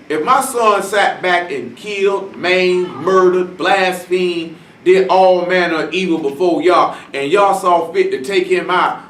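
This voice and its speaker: A man preaching a Bible-study sermon in a casual, blunt way, full of slang and rhetorical questions, and slowing down to stress the scripture he reads. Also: sits high, fairly bright tone, slight background noise. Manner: slow, stressed reading of scripture. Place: congregation meeting room. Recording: echoey room from a distant mic.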